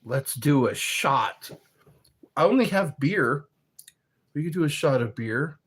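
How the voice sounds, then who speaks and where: A man hosts a casual livestream, reading out viewer comments and riffing on them. He talks very slowly, stretching his words, and his pitch swings widely. His tone stays playful and chatty. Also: animated, a bit bright, husky. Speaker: livestream host.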